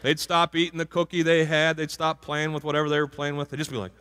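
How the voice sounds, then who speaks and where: A man's voice: a little high, level tone, fast, fairly bright tone, a little hiss or hum. A male pastor giving a conversational sermon and asking the congregation questions. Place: church sanctuary. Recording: hall reverb from a church.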